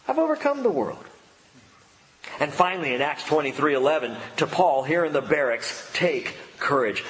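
Man, pastor, sermon, expressive swings from loud to hushed, lively pitch, echoing hall.

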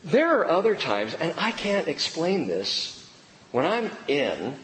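A middle-aged man preaching a sermon, swinging between loud bursts and hushed lines. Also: fairly high pitch, huge pitch swings, slow pace. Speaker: pastor. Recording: reverberant hall with faint room noise.

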